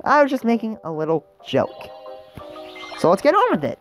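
A woman's voice: a little high, wildly swooping pitch, moderate pace. A woman giving casual let's-play commentary, chatty and rambling, who mocks herself and talks to the game characters. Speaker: gaming channel host. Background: game music.

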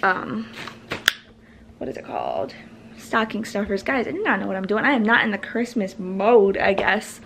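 A woman's voice: a little high, slight background noise. A young woman chatting casually to her camera at home, rambling and often breaking off mid-sentence. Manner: rambling and self-interrupting, trails off mid-sentence. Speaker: vlogger. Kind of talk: casual vlog chat. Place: at home, indoors.

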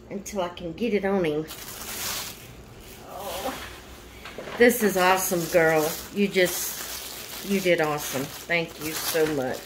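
A woman vlogger in a casual unboxing chat at home, gushing and repeatedly thanking and exclaiming over each item. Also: lowish voice. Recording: noisy home recording. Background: household noise, dog barking.

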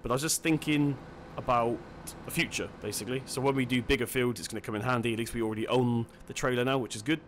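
A man's voice: mid-range voice, steady tone, fast talker, few pauses, a little hiss or hum. A man giving casual let's-play commentary, chatty and self-deprecating, thinking aloud as he plays. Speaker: gaming channel host.

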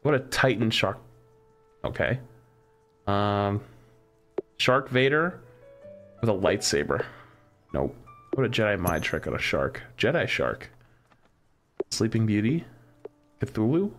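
A man's voice: lowish voice, very animated, measured pace, pauses often, soft background music. A man streaming a crafting game, musing aloud as he tries one combination after another. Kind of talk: casual live-stream commentary.

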